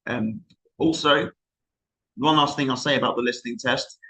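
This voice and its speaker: An exam tutor from South England with a London accent gives an unscripted online lesson, explaining at length encouragingly and often restarting sentences. His mid-range voice is steady, pushed, and bright at normal speed, though the recording is rough.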